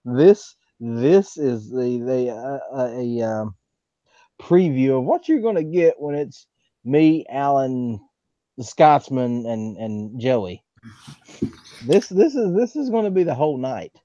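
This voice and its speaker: A man hosting a casual talk show, speaking in a slow, drawn-out and hesitant way. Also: mid-range voice, big pitch swings, dark tone, no echo. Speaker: show host. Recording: dull lo-fi sound.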